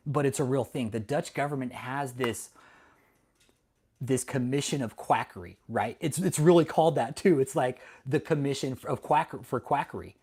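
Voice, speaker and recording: A man's voice: medium pitch, a little mellow, slightly rough. A man hosting a livestream, talking casually and heatedly to his chat, swearing a lot and often laughing. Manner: talks directly to chat viewers. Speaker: livestream host.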